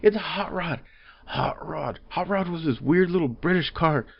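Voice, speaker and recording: A man's voice: a little high, unhurried, creaky. A man casually reviewing a movie at home, rambling with lots of fillers and growing exasperated. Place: home room. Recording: slightly dull lo-fi audio.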